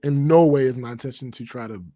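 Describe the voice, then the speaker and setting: A man's voice: medium pitch, quick pace, mellow. A man co-hosting a podcast in casual chat, blunt and profane, often laughing. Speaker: podcast co-host.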